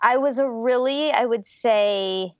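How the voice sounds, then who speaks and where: A woman's voice: a little high, takes it slowly, no echo. A young woman from Georgia, a podcast guest telling her childhood story in a reflective, chatty way with frequent laughs. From Georgia, USA. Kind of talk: casual interview storytelling. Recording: dull, dry lo-fi sound.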